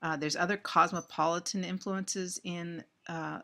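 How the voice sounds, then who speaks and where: A man giving a recorded literature lecture, speaking deliberately and thoughtfully with frequent ums and restarts. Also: high-pitched, steady tone, creaky, bright, forceful tone.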